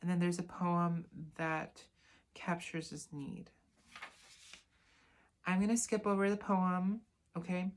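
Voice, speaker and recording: With a lowish voice and level tone, a woman reads slowly from a self-help book, leaving long pauses. It's a casual lesson, and she drops in chatty asides and corrects herself as she goes.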